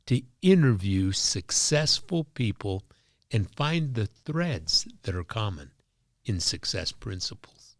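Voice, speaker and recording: Male podcast host, slow deliberate delivery, lively intonation, dry close sound. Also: lowish voice, dry recording. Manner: unhurried, animated introductions, warm affirming interjections. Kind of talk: interview hosting.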